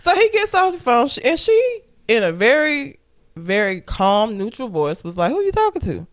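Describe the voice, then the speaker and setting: A woman's voice: fairly high pitch, sing-song, moderate pace. A woman co-hosting a casual podcast, animatedly retelling a film's plot with lots of profanity. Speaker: podcast co-host. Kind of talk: casual movie recap chat.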